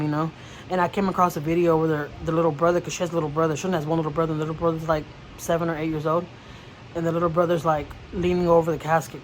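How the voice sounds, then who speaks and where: A woman's voice: low voice, slight background noise, poor audio. A woman vlogger chatting casually to camera, rambling and emotional, with frequent restarts and repeated words. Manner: emotional storytelling.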